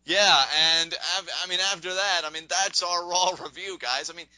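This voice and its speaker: A man's voice: sits high, moderate pace, sharp tone, no room sound, low-quality recording. A man co-hosting a podcast, chatting casually about wrestling, rambling and laughing as he acts out quotes. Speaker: podcast co-host. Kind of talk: casual wrestling review chat.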